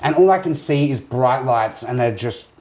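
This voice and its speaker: A man's voice: medium pitch, lively intonation, normal speed, darkish tone. A young man, co-hosting a casual podcast chat over a meal, telling stories with crude jokes and lots of swearing. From Australia. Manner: crude, joking storyteller, swears a lot. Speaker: podcast co-host.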